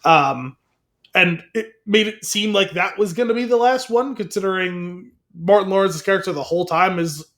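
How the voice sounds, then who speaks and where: A man's voice: sits high, moderate pace, a bit bright. A man co-hosting a film podcast in casual chat, rambling and hedging with frequent laughs. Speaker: podcast co-host.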